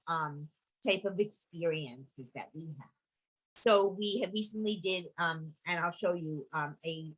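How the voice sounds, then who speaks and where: A woman's voice: lowish voice, fairly bright tone, slightly rough, rough recording. Chatty woman with a New York accent. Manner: chatty, full of fillers and restarts. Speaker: historical society presenter. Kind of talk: casual presentation over video call. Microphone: video call.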